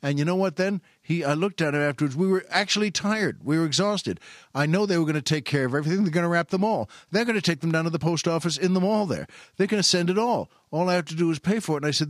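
Halting, rambling male storyteller. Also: fairly high pitch, lively intonation, no echo, studio quality. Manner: repetitive, halting, self-correcting.

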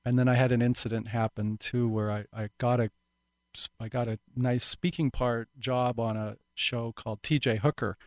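A man's voice: medium pitch, steady tone, normal speed, a little mellow, no room sound. A middle-aged man who is an actor, telling his life story candidly in an interview, reflective and earnest with frequent restarts.

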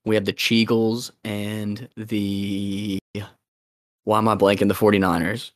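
A young man hosts a laid-back podcast, rambling through whatever comes to mind and laughing often. His voice sits a little low and the sound is dry and close, with no room around it. He swears casually and keeps it relaxed. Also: unhurried, no room sound. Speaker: podcast host.

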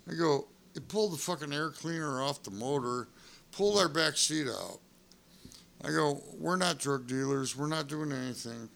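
A man's voice: a little high, moderate pace, gravelly. A middle-aged man, a former wrestler, telling road stories in casual, profane chat and acting out what people said. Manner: profane, animated storyteller acting out quotes. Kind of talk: casual storytelling.

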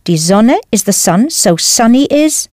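A woman teaching a language lesson in a clear, careful scripted delivery, spelling out words as she goes. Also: a little high, big pitch swings, measured pace, a little mellow, dry recording, clean studio sound.

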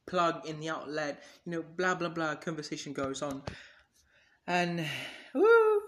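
A male podcaster with a somewhat high, slightly bright voice carries a casual show by himself. He rambles, hops between topics, uses plenty of profanity, and acts out imaginary dialogue.

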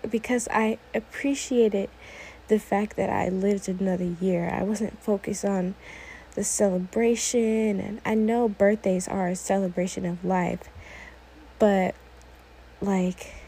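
A woman's voice: mid-range voice, fairly even intonation, takes it slowly, warm tone, a little hiss or hum, poor audio. An eighteen-year-old woman hosting her own podcast, talking alone in a rambling, easily sidetracked way, full of "like"s. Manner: rambling, often sidetracked, many "like"s. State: a little emotional, teary. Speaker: podcast host. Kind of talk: casual solo podcast monologue.

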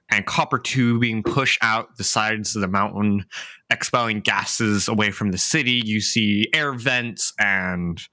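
A man running a tabletop game as game master, describing scenes in an unhurried way with frequent fillers. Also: medium pitch, sharp tone, dry recording, studio quality.

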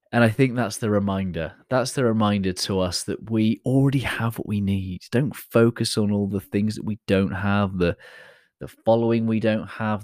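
A man's voice: on the low side, a little mellow, dry recording, clean studio sound. A man hosting a podcast, talking in a casual, chatty, motivational way, self-deprecating, with many fillers and restarts. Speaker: podcast host.

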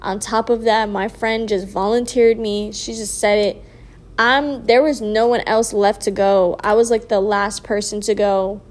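Slow-talking sleepy young woman. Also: medium pitch, fairly even intonation. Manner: slow, drawn-out talk full of "like" and soft trailing asides. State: sleepy, yawning. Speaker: vlogger sharing a personal story. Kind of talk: casual storytelling.

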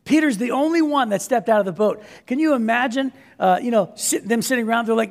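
A man delivers an energetic, conversational sermon with a high-pitched and gravelly voice. He keeps checking in with his listeners as he goes. The sound carries a long hall reverb. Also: quick pace, hardly any pauses. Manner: energetic, conversational, with frequent "right?" asides. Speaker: pastor.

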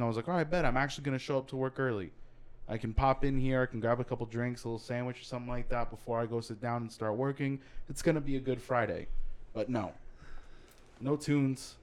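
A man's voice: mid-range voice, fairly even intonation, a little fast. A young man casually chatting as a podcast co-host, telling a profane story in a mock-indignant way. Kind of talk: casual chat.

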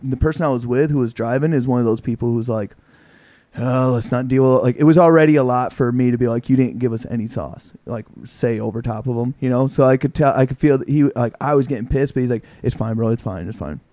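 A man's voice: mid-range voice, quick pace, few pauses, mellow, dry recording. A young man co-hosting a casual podcast, telling a story in a loose, chatty way and swearing freely. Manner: storytelling, swears freely, acts out quoted people. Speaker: podcast co-host. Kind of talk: casual chat.

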